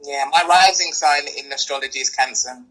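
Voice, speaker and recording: Woman from england on a video call, chatty and candid, bright voice with ums. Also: rumbling low, a little fast, poor audio. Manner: candid, storytelling with hesitant fillers. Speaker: reading client. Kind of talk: casual conversation.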